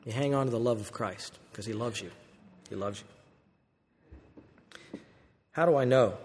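A man preaching a sermon as pastor, asking rhetorical questions and acting out quoted voices with lively swings from loud to hushed. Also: medium pitch, takes it slowly, husky. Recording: long reverb of a church hall.

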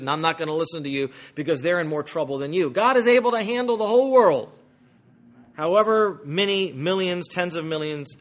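A man preaching a sermon, explaining a Bible passage verse by verse, asking the congregation rhetorical questions and swinging between emphatic highs and soft lows. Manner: emphatic, wide swings in pitch and loudness. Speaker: pastor.

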